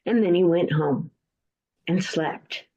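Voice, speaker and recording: A woman telling a folktale in a measured, deliberate way over a video call. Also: fairly low pitch, mellow, breathy edge, muffled recording. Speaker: storyteller. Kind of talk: folktale storytelling.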